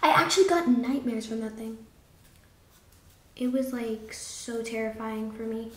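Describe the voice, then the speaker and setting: A woman's voice: a little high, level tone, takes it slowly, dark tone, echoey room, slight background noise. A woman giving a casual, chatty drawing lesson, rambling into playful asides as she draws. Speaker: drawing teacher.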